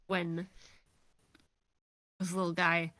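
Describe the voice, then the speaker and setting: A woman playing in a tabletop game, describing her character in a playful, unhurried way. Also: on the low side, monotone, bright, forceful tone, dry recording, clean studio sound. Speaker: player.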